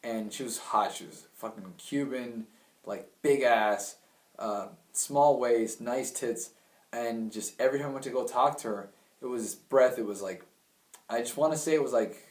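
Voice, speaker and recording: A man's voice: medium pitch, measured pace. A young man gives crude, blunt dating advice in a chatty, offhand way. He sounds set back from the mic, in an echoey room. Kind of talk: casual advice talk. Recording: roomy sound, mic at a distance.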